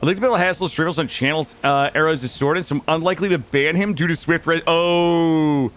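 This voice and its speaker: A man's voice: fairly high pitch, a little fast. A man streaming a game, chatting casually with viewers, rambling and swearing as he tells stories and greets chat by name. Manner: rambling, animated storytelling, swears freely; greets chat members by name while playing.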